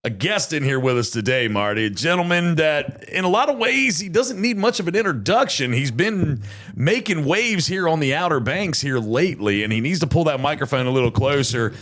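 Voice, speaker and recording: A man's voice: a little high, expressive, brisk, fairly bright tone. Folksy upbeat man. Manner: upbeat, folksy, does sponsor plugs. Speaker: co-host. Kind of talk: casual chat with sponsor reads.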